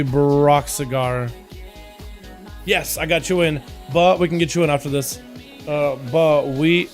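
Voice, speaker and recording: A man with a hoarse, scratchy voice, hosting a live game stream, chatting with viewers and calling matches play-by-play. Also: on the high side. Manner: friendly, addresses chat as boys.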